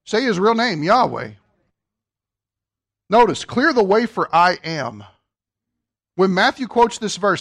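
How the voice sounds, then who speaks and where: A man preaching a sermon, putting questions to the congregation, with wide emphatic swings between loud and soft. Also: high voice. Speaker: pastor.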